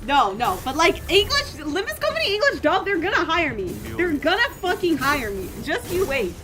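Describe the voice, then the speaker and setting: A woman's voice: extremely high pitch, moderate pace. A woman from Germany streaming a video game, chatting and joking playfully, and reading game text aloud. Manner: playful, animated, jokey. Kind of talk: casual gameplay commentary. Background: game music.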